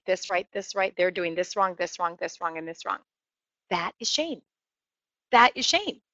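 Bright-voiced woman teaching a sermon. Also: fairly high pitch, dry recording, lo-fi sound. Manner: emphatic, drawn-out stresses, many restarts.

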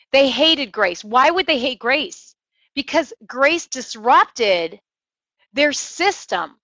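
A woman teaching a sermon, with emphatic, drawn-out stresses and frequent restarts. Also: medium pitch, pushed and bright, no room sound, lo-fi sound.

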